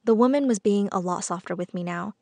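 A woman reading a scripted first-person story as narrator, in a measured, earnest storytelling manner. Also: mid-range voice, vocal fry, warm tone, dry recording.

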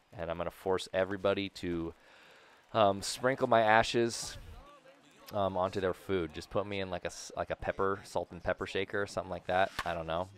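Low-voiced joking gamer guy. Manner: rambling, jokey, talks to viewers; bursts into loud shouting at big plays. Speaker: gaming video host. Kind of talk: casual gameplay commentary.

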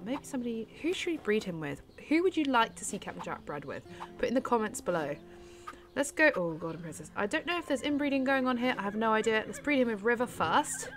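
Chatty woman gaming host, lively pitch. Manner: chatty, giggly, talks to viewers. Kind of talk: casual game commentary.

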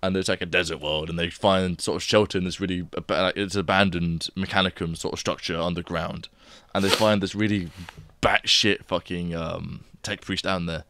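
A man's voice: sits low, steady tone, moderate pace, sharp tone, a little hiss or hum. A man co-hosting a podcast, telling stories in loose casual chat and swearing freely. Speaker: podcast co-host.

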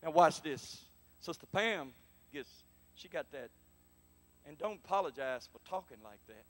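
A man preaching a prophetic sermon to a congregation in a church, calling for responses and repeating his lines, dropping to soft murmurs and then rising to loud exclamations. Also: a little high, sing-song, normal speed. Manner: emphatic, repetitive, swings between soft murmurs and loud exclamations. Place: church sanctuary.

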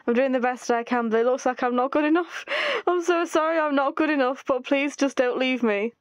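A woman's voice: high voice, fairly quick, dry recording, close to an everyday voice. Woman reading as an anxious, pleading young man. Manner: pleading, apologetic. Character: anxious, self-blaming devoted young man. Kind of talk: reading game chat lines aloud.

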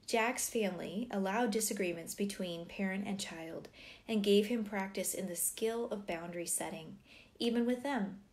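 A middle-aged woman reading a parenting book aloud, breaking off now and then for animated personal asides. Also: mid-range voice, moderate pace.

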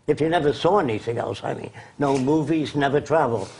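A man's voice: mid-range voice, darkish tone, husky. A man giving an interview guest's impassioned, blunt lecture, listing his points one after another. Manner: emphatic, blunt, lists points rapid-fire. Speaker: interview guest, social designer.

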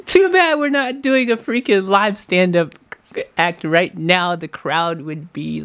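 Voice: medium pitch, slow pace, a bit bright, clear, resonant tone. A music reaction host in casual commentary, joking and teasing the viewers in a playful way. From United States.

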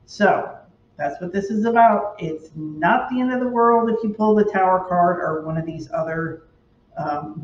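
A woman's voice: on the low side, slight background noise. A woman hosting a tarot channel, chatting casually to camera and telling stories that play up her own worries. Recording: roomy, distant, dull lo-fi sound.

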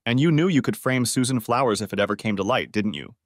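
A man's voice: medium pitch, expressive, fast talker, no echo, clean studio sound, natural voice. A man voicing a betrayed husband who accuses his wife with bitter, hurt questions, in an audiobook. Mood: accusing. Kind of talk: audiobook character voice.

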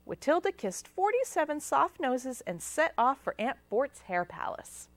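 A woman reads a picture book aloud at library storytime, her fairly high voice rising and falling with lively expression. The sound is close and dry with no room echo. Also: a little slow. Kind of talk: children's storytime read-aloud.

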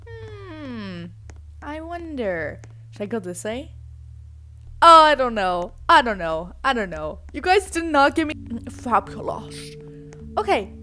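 A young woman commentates her gameplay with a bright, forceful voice that bounces all over its range, sassy and theatrical. She talks in an unhurried way, drawing her words out for effect. Faint music plays under her voice. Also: a little high. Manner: playful, dramatic, sassy, talks to the viewers. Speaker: gaming streamer.

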